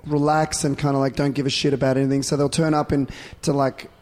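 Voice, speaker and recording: A man's voice: medium pitch, little pitch movement, fast talker, a little mellow. An Australian man chatting casually, rambling with lots of fillers and laughing while he explains things. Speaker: guest explaining clips. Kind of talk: casual chat.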